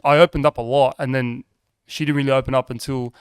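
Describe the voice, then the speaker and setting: A man hosting a podcast in casual chat, relaxed and loose, with plenty of fillers and the odd swear word. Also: medium pitch, fast talker, smooth, dry recording, studio quality. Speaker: podcast host.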